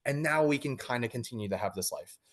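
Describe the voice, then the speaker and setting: A man's voice: mid-range voice, fast, a bit bright. A man in his thirties, a coaching client, talking casually in an interview with many fillers and restarts.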